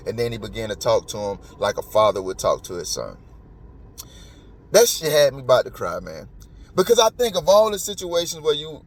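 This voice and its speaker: A man's voice: mid-range voice, slight background noise. A man hosting a podcast, talking in an emotional, emphatic and rambling way. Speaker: podcast host. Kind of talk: casual commentary.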